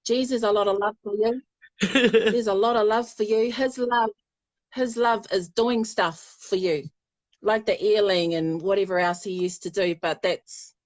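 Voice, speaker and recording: A woman's voice: medium pitch, dry recording. A woman giving a live psychic reading, chatty and affectionate, often laughing. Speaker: spiritual medium.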